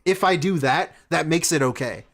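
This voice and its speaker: A man's voice: on the high side, normal speed. A man hosting a reaction stream, mocking the clip he watches in sarcastic, casual commentary.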